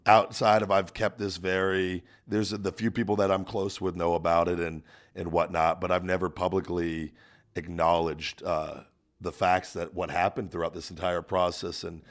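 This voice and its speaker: A man hosting a casual podcast, talking earnestly with many halting restarts. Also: low-pitched, flat delivery. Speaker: podcast host.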